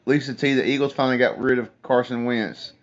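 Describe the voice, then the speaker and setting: A man's voice: medium pitch, fairly even intonation, a little fast. Man rambling on a phone stream. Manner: rambling storyteller, reads chat aloud. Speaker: livestream host. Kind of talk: casual live chat with viewers. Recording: dull lo-fi phone stream audio.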